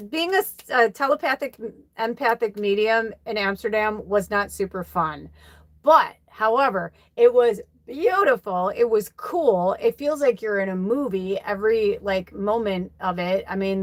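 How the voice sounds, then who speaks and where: A woman with a medium-pitched voice, recorded with no echo, chats on a live-stream card reading. She's middle-aged and hails from South Side Chicago, USA, and her talk rambles, packed with fillers and laughter.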